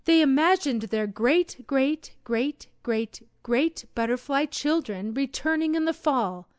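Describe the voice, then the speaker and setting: A woman narrating a children's read-along storybook in an expressive, sing-song storytelling manner. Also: high-pitched, slow pace, dry recording.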